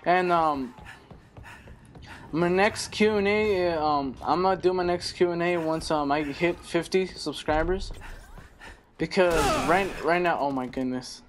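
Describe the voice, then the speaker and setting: A young man giving rambling, excitable live commentary while he plays a shooter game, swearing now and then. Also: fairly high pitch, measured pace, background noise. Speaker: gaming channel host.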